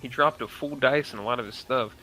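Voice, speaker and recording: Game master, man, bright and forceful voice, excitable and profane. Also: medium pitch, quick pace, soft background music, poor audio. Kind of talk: running a tabletop game.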